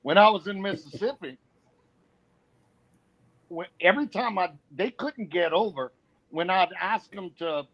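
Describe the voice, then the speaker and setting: Podcast guest, high voice, easygoing chuckler, slightly muffled recording. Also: male voice, normal speed, a bit bright. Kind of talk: casual chat. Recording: slightly dull sound.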